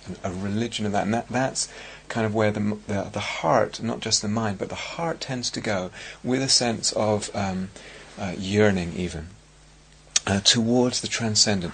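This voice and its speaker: Giving a dharma talk to retreat participants, a meditation teacher speaks with vocal fry in a fairly low, fairly bright voice. His delivery is slow and searching, with frequent pauses and restarts, and a bit of background noise is audible.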